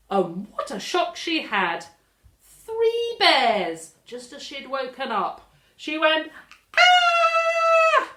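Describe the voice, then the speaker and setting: English woman storyteller for children: expressive, gasping, widely varied pitch, roomy sound. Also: slow pace. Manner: animated, with dramatic gasps. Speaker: library storyteller. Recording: echoey room.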